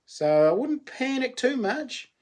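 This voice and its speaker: A middle-aged New Zealander hosts a casual livestream chat, matey and talkative, greeting viewers by name and laughing a lot. His voice is very high with big pitch swings, slow-paced and somewhat dark in tone.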